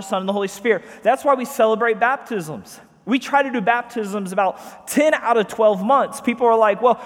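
Male pastor, high voice, conversational sermon style with emphatic slowdowns, reverberant sanctuary sound. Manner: conversational preaching with asides and emphatic slowed phrases.

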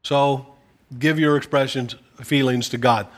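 A man, a pastor, preaching a gentle, conversational sermon with casual asides to his listeners. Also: medium pitch, fairly even intonation, unhurried.

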